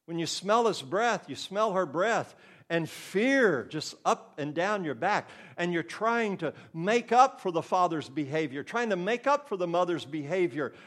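Older man, preacher, earnest conversational sermon, fairly high voice. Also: fairly bright tone.

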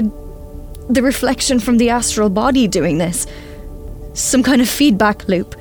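A woman narrating and playing a desperate, guilt-ridden young woman in a radio drama, speaking in hushed, fragmented phrases that often drop to a whisper. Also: fairly high pitch, unhurried, faint music behind. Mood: tense. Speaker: writer-performer and narrator.

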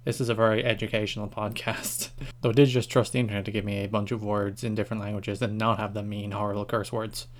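A man's voice: on the low side, little pitch movement, fast. A man from Ireland hosting a casual solo podcast, joking at himself and stumbling through foreign words. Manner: self-deprecating, stumbles over foreign words with laughs. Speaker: podcast host.

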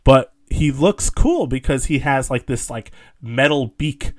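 A man's voice: mid-range voice, animated, measured pace, a little mellow. A young man co-hosting a podcast, rambling casually with lots of fillers and frequent laughter. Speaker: podcast co-host. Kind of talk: casual chat.

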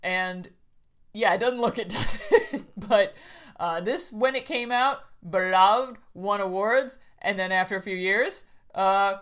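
A woman's voice: mid-range voice, unhurried. A woman hosting a podcast, chatting casually about a picture book, laughing often and reading quotes aloud. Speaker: podcast host.

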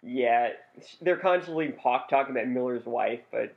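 A young man with a mid-pitched voice co-hosts a casual podcast. His delivery is laid-back, dry and sarcastic. The recording sounds dull and lo-fi. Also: normal speed, gravelly. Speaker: podcast co-host. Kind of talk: casual chat.

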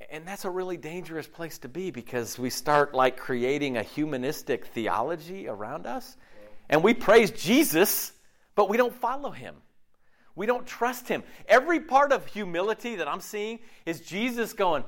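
A man's voice: a little high, normal speed. A man preaching a sermon in a conversational style, often checking in with the listeners and acting out his own inner dialogue. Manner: animated, conversational preaching with frequent "okay?" check-ins; acts out inner dialogue in shifting voices. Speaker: pastor.

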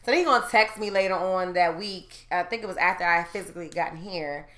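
A brash woman in her thirties, talking loud and cursing freely as she tells a story among friends. Her voice is bright and forceful, and the room around her is echoey. She goes from low and calm to near-shouting when she gets worked up. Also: fast talker. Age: 30s. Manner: loud, profane and animated, rising to shouts when heated. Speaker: storyteller in a group chat. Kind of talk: casual chat, telling a story.

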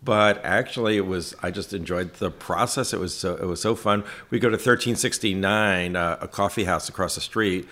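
A man with a fairly low voice tells stories in a loose, chatty way. He jumps into little acted-out quotes and laughs as he goes. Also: moderate pace, few pauses. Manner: animated anecdotes with quoted asides and laughs. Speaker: photographer guest. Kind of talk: casual storytelling interview.

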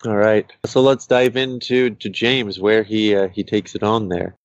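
A man's voice: fairly low pitch, little pitch movement, measured pace, no echo, highs cut off. A man interviewing with curious, inquiring questions.

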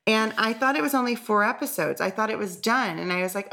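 A woman with a Southern US accent co-hosting a podcast in casual chat, telling stories in an animated, chatty way. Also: fairly high pitch, quick pace, creaky. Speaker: podcast co-host.

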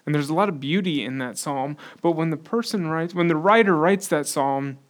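High-voiced man preaching casually. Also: moderate pace. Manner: conversational, animated, acts out quotes. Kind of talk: sermon.

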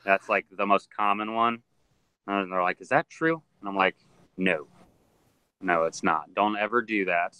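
A man's voice: deep voice, measured pace, pauses often, smooth, no echo, low-quality recording. A man who handles alligators and crocodiles, telling stories in a casual interview and acting out the voices of people he met. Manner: animated storyteller who acts out other people's voices. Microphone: video call.

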